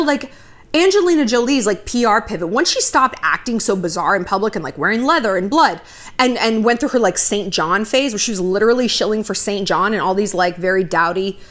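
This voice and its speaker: Animated chatty woman giving advice. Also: a little high. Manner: chatty, swears freely, lively storytelling asides. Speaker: commentary vlogger giving dating advice. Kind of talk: casual direct-to-camera advice talk. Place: home near a river, outside noise.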